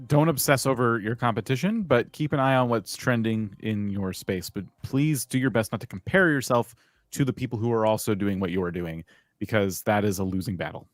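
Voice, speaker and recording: A man co-hosting a live stream, giving calm, direct advice to creators. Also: on the low side, a little fast, no echo. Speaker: co-host giving channel advice.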